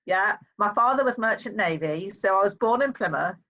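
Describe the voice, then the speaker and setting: Upbeat woman with a soft Liverpool lilt. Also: mid-range voice, animated, normal speed, dull audio. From England. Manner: chatty, upbeat, laughs often. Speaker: guest author. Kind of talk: casual podcast interview.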